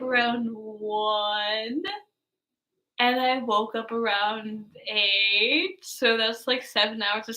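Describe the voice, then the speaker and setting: A woman's voice: on the high side, steady tone, slow pace, pushed and bright. Chatty young woman in an echoey room. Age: 20s. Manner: rambling, chatty, lots of fillers. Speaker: music reaction vlogger. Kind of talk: casual reaction chat.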